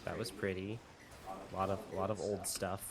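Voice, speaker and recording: A man chatting casually on a live stream, frank and relaxed as he adds his side of the conversation. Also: sits low, fairly quick, creaky, a crowd in the background. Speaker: streamer's co-host friend. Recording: music playing over his voice.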